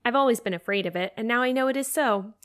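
A woman reading aloud, voicing a gentle, admiring teenage girl friend. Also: fairly high pitch, quick pace, natural voice. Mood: fond.

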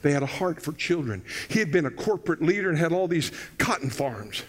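An older man preaching a sermon, telling folksy stories and breaking into loud, excited bursts. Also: a little high, brisk, few pauses, husky. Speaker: pastor.

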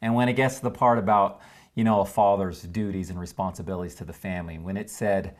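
A man's voice: low voice, fairly even intonation, fast. An earnest middle-aged man shares his story in an easy, unpolished conversational voice. He stumbles and restarts often, leaning on "you know" as he gathers his thoughts.

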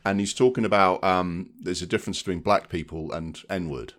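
A man with a deep, low-pitched voice talks casually as a podcast co-host. He rambles a little and keeps checking in with his listener. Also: moderate pace, fairly bright tone. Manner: chatty, frequent "do you know what I mean". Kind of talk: casual chat.

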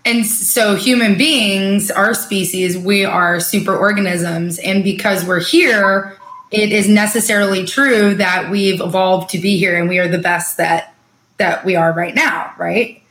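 A woman's voice: mid-range voice, steady tone, measured pace, fairly bright tone. Enthusiastic woman host in an echoey room. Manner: earnest, enthusiastic, long-winded questions. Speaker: podcast host. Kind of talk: interview questions.

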